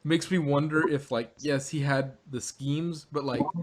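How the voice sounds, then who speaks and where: A man's voice: fairly high pitch, fairly even intonation, measured pace, heavy background noise. A man co-hosting a casual review chat, rambling with many restarts and frequent laughs. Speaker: podcast co-host.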